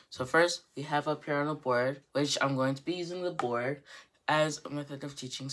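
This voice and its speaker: Woman, very deep voice, casual language lesson, rambling, self-correcting. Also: a bit bright, a little hiss or hum. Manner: rambling, self-correcting, repeats words slowly to demonstrate. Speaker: Japanese teacher.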